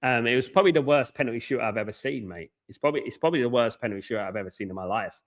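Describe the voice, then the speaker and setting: Hosting a live football watchalong, this man rants passionately and repeats himself. His voice is medium in pitch and his delivery races along.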